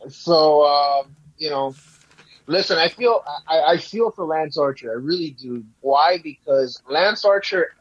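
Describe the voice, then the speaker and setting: A man's voice: a little high, lively intonation, measured pace, no echo, highs cut off. A man co-hosting a casual wrestling predictions podcast, talking in rambling bursts with many restarts. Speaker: podcast co-host.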